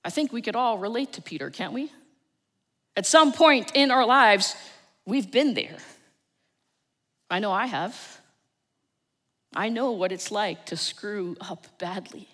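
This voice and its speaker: A woman with a New Jersey accent preaching a Sunday sermon, telling the story with dramatic swings from loud to hushed. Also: mid-range voice, animated, measured pace, long pauses. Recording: long church reverb.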